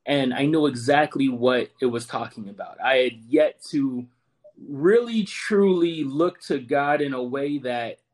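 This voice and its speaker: A man's voice: mid-range voice, measured pace, a little mellow. A man in his forties, a Marine veteran guest, earnestly telling a personal story and often repeating words as he goes. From United States.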